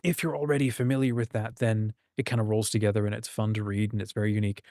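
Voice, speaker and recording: A man's voice: fairly low pitch, level tone, fast, a little mellow, dry recording, clean studio sound. A man hosting a casual livestream about writing, reading out viewer comments and musing aloud with frequent ums and restarts. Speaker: host.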